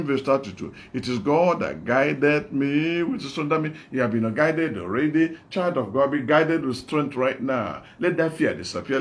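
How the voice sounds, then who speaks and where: An evangelist with a Nigerian English accent delivers a sermon, exhorting listeners and echoing his own phrases call-and-response style. He has a fairly high-pitched voice.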